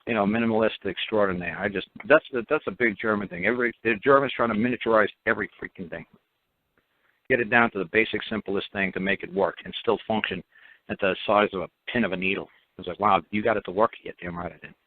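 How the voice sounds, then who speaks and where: This call-in radio host speaks fast in a lowish voice, heard through dry phone-line audio. His style is blunt and forceful, with repetition and mocking asides.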